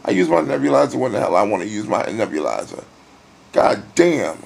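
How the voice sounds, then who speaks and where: A middle-aged man in a hospital room, weary and near tears, talking in a personal video diary with sighs and halting pauses. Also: lowish voice, big pitch swings, vocal fry, darkish tone, slightly rough. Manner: emotional, sighing, halting. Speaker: vlogger.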